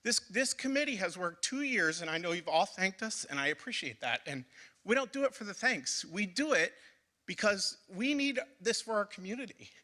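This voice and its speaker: A man's voice: high voice, expressive, normal speed, bright, forceful tone. A man on a school building committee giving an impassioned speech at a public forum, repeating phrases for emphasis. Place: public meeting hall.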